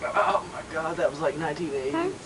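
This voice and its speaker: Male co-host, dry and teasing, lively intonation, casual banter. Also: a little high, a little fast, a crowd in the background, low-quality recording. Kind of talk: casual chat.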